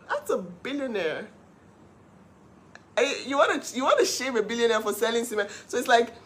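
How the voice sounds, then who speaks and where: A middle-aged woman hosting her own live stream, telling her story with animated emphasis. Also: medium pitch, fairly quick, a little hiss or hum. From Nigeria. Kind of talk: casual live-stream monologue.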